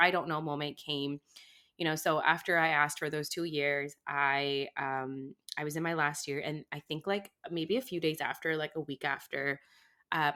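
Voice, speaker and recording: Woman in her twenties with a low voice; reflective, rambling podcast conversation. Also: pushed and bright. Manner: reflective, rambling with fillers and restarts. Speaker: podcast co-host. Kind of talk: casual podcast chat.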